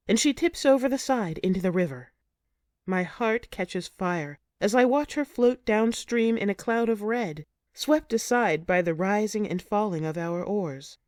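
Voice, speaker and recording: A woman narrating an audiobook in the first person with expressive, emotive storytelling. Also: mid-range voice, measured pace, no room sound, studio quality.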